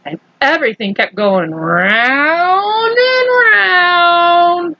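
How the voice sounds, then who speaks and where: Woman reader for a kids' storybook, high bright voice, slow and playful, dry dull sound. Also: gravelly, dry recording. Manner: animated, playful, laughs often, acts out shouts. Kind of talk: reading a children's book aloud with asides.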